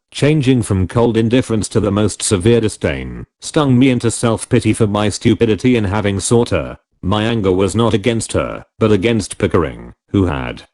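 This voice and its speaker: Male audiobook narrator, low, animated storytelling voice. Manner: expressive first-person storytelling. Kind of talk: scripted narration.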